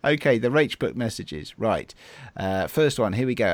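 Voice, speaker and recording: A man hosting a podcast in casual chat, chuckling and briskly moving the show along. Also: mid-range voice, sing-song, no room sound. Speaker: podcast host.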